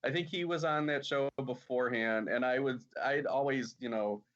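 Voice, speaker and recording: A man's voice: mid-range voice, normal speed, a bit bright, lo-fi sound. A man talking casually on a podcast, rambling and filling his talk with "like.". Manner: laid-back, rambling with many "like"s. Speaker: podcast guest. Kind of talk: casual chat.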